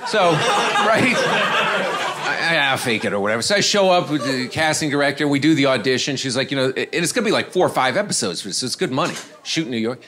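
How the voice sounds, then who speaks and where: A male stand-up comedian telling a story on a comedy club stage into a handheld mic, animated and often chuckling. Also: medium pitch, a little fast, background noise. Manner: animated, chuckling, acting out voices.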